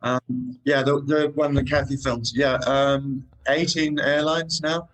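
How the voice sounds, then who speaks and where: Guest man telling animated travel stories. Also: mid-range voice, measured pace, soft background music, low-quality recording. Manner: animated anecdotes, says "man" and "eh". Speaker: podcast guest, motorcycle traveler. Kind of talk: casual storytelling chat.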